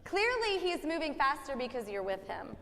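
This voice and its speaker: A woman's voice: sits high, sing-song, normal speed, heavy background noise. A woman directing a choir rehearsal, joking with the singers and demonstrating sung phrases as she coaches. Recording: long hall reverb with faint music.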